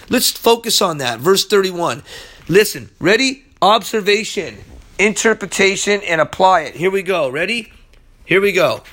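Male podcast preacher, high voice, emphatic, halting restarts, verse-by-verse teaching. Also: expressive, fairly bright tone. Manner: emphatic, repeats words, many restarts.

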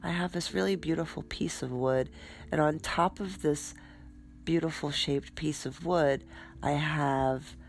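Stuffed-up woman, low voice, takes her time, chatty spiritual self-care talk. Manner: relaxed, chatty, with fillers. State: stuffed up, congested. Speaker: podcast host.

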